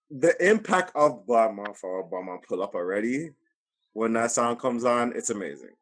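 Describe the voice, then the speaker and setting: A young man hosting a casual podcast chat, emphatic and animated, repeating himself for weight. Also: medium pitch. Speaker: podcast host.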